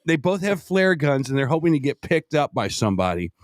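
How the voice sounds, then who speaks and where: A man co-hosting a political talk show, his pitch swinging up and down as he riffs and jokes. The sound is close and dry, with no room around it. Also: a little fast, no room sound. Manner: animated, does mocking impressions. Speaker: co-host. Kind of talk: casual political banter.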